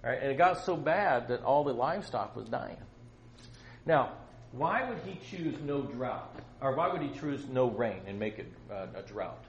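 Animated man teaching in an echoey room. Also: medium pitch, moderate pace, lo-fi sound, slight background noise. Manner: animated storytelling, rhetorical questions. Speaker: Bible teacher. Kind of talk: teaching a Bible lesson to young students. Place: room with students. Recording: roomy echo.

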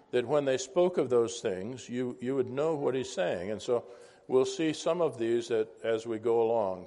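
A man's voice: medium pitch, mellow. A man teaching an informal Bible class, conversational and wandering into asides, asking the class questions.

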